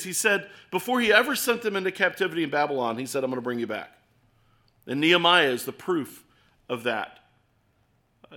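Earnest preacher with a bright voice. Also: male voice, fairly high pitch. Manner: earnest, uses rhetorical questions; storytelling. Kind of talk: sermon.

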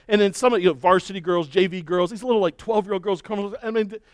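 A middle-aged man preaching a sermon and telling a story with lively, acted-out shouting and cheering. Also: high-pitched, fast talker, hardly any pauses, no echo, clean studio sound. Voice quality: balding. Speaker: pastor.

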